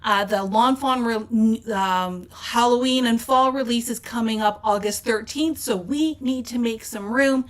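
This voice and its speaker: A woman's voice: a little high, measured pace, hardly any pauses. A woman hosting a casual craft store update, chatty and upbeat, with plenty of fillers. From Canada. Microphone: off-camera mic with slides.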